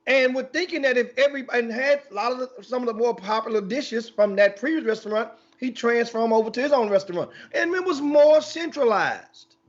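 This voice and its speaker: A man's voice: extremely high pitch, a little fast, lo-fi sound. A man hosting a casual sports talk show, telling a long rambling story with many restarts.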